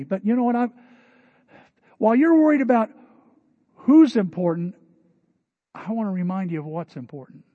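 A man preaching a sermon, telling a story in a lively way and acting out the voices of the people in it. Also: high-pitched, normal speed, long pauses, no echo, phone-quality sound. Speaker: pastor.

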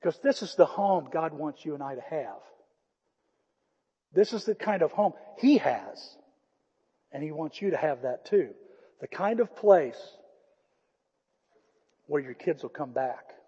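A man preaching a sermon, retelling a story with lively acted-out dialogue and dropping to a hushed voice for emphasis. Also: fairly high pitch, a little slow, long pauses, husky. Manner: storytelling, swings from loud animated retelling to hushed quiet emphasis. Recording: muffled, long-reverb hall recording.

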